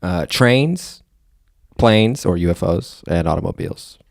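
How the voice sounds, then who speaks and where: A man's voice: sits low, expressive, unhurried, gravelly, no echo, studio quality. A man co-hosting a podcast, making wry jokes while reading out a news story. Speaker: podcast co-host. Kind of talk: casual chat, reading news.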